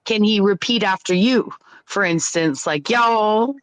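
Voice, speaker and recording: A woman's voice: mid-range voice, no room sound. Thoughtful woman musing in chat. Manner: thoughtful, musing, slow-spoken. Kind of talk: casual chat.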